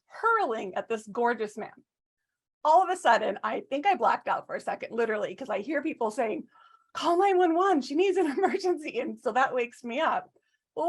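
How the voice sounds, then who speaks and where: Speaking at a club, a woman with a fairly high-pitched voice tells humorous stories at her own expense. Her delivery is lively, and she keeps turning to the audience with questions.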